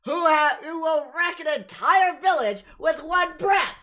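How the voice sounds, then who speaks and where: A woman voicing a fussy talking cat that scolds the adventurers in a high, loud voice. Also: expressive, a little slow, a little hiss or hum, heavily acted. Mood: scolding.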